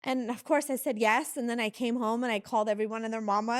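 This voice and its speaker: A woman guest telling stories in a casual interview, animated and often laughing as she acts out what people said. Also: medium pitch, fast, hardly any pauses, no room sound, clean studio sound. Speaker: guest, reality TV producer.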